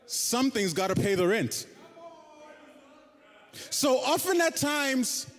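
A young man from South Africa with a very high voice, telling his own story from a church stage. He talks it through casually, with a self-deprecating streak and lifts of emphasis, and his voice rings out with long reverb in the hall. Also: sing-song, slow, fairly bright tone. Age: 20s. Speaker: preacher. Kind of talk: testimony sermon.

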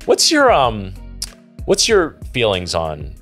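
Brief: male podcast host, low voice with a wide lively range, profane and animated, faint music in the mix. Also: moderate pace. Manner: swears freely, laughs loudly, animated. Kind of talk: casual podcast chat.

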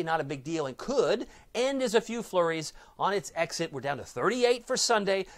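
A man's voice: high-pitched, fairly bright tone. A middle-aged man giving a casual weather forecast, with chatty, jokey asides to himself.

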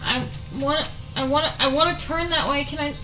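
A woman gaming on camera, swearing and venting frustration at the game as she plays, often breaking into shouts. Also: high-pitched, steady tone, normal speed, reverberant, rough recording. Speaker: gaming YouTuber. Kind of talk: casual let's play commentary.

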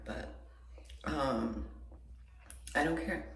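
Raspy, gravelly young vlogger guy. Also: on the high side, takes it slowly, long pauses, a bit bright, slight background noise. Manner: frequent "like" fillers, swearing, drops to whispers. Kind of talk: casual vlog chat.

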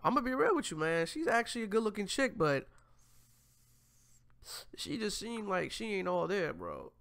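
A man's voice: sits high, very animated, normal speed, creaky, a bit bright, no room sound, clean studio sound. A man hosting a casual commentary show, reacting to clips and talking straight to viewers in slangy, profane talk. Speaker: host.

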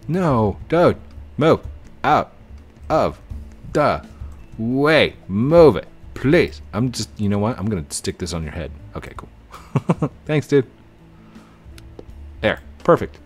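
Male gaming YouTuber, deep unhurried voice, casual running commentary, goofy pleading, faint music behind. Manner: chatty, laughs often, goofy pleading bursts.

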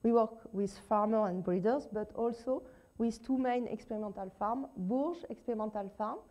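A woman with a strong French accent gives a conference talk in English, which is not her first language. Her voice sits a little high but sounds mellow and warm. She picks her words slowly and fills the gaps with hesitant little sounds. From France. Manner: slow, careful speech with many fillers and shy laughs. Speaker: visiting research scientist. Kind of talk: conference presentation.

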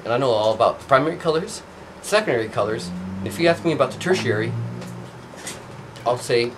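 A man's voice: medium pitch, expressive, brisk, long pauses, noisy background. A man hosting a how-to show, demonstrating by hand in an indoor workshop with a rambling, joking, self-deprecating manner. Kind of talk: casual hands-on demonstration.

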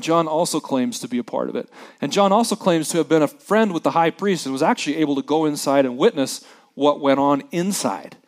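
A man delivers a sermon from the pulpit, his voice sitting a little high for a man. He reads scripture dramatically, putting on voices for the characters, then drops to a hushed tone for the somber moments. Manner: animated preacher who acts out scripture voices, dropping soft for somber moments. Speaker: pastor.

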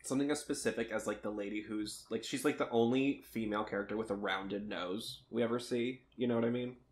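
A man's voice: fairly low pitch, fairly even intonation, a little fast, a little hiss or hum. A man co-hosting a podcast in casual chat, rambling and sometimes losing his train of thought. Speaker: podcast co-host.

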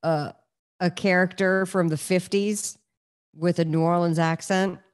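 A woman's voice: fairly low pitch, steady tone, measured pace, smooth. A woman co-hosts a podcast with easy, playful banter. She laughs often and keeps the tone light. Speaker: podcast co-host. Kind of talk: casual chat.

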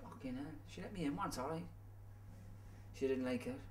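An actor with a Cork accent playing a brash young rival lover who swears constantly. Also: male voice, mid-range voice, moderate pace, lightly acted. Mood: glum. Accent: Cork Irish. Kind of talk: film acting. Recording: noisy recording.

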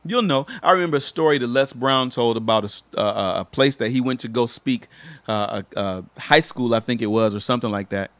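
A male life coach delivers a sermon-like motivational talk, emphatic and repetitive as he spurs listeners on. His mid-range voice is fairly bright and brisk.

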